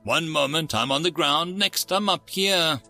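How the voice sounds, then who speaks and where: A man's voice: on the high side, unhurried, gravelly, pushed and bright, soft background music, heavily acted. A man doing a wisecracking Brooklyn porpoise alien. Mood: breezy. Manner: breezy, wisecracking. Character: brash male porpoise alien, laid-back.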